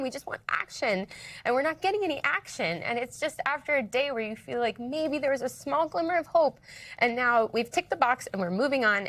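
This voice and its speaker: Emotional woman guest, halting speech. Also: a little high, a bit bright, dry recording. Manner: earnest, halting, with many restarts. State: emotional, near tears. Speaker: interview guest. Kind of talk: live news interview.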